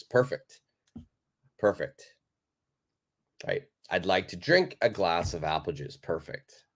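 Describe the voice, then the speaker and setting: Male English teacher, slightly low voice, energetic live-lesson delivery. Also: a little slow, long pauses. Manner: lively, emphatic explaining, reads viewer comments aloud.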